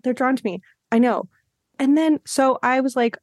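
A woman's voice: a little high, normal speed, no echo, clean studio sound. Chatty woman host telling stories. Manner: animated storyteller, acts out quotes with laughs. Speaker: podcast host. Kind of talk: casual chat.

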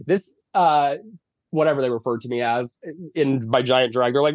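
A man's voice: mid-range voice, fast talker, dry recording, studio quality. A man, a makeup artist, chatting as a podcast guest, telling long stories with many fillers over a video call from bed. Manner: chatty storytelling with lots of fillers. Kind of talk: casual chat. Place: at home lying in bed.

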